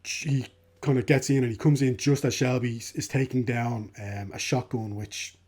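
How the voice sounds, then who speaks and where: Mellow-voiced man recapping a film. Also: mid-range voice, steady tone, moderate pace, slightly rough. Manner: rambling retelling with many "kind of" fillers. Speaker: film podcast co-host. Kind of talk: casual chat recapping a film plot.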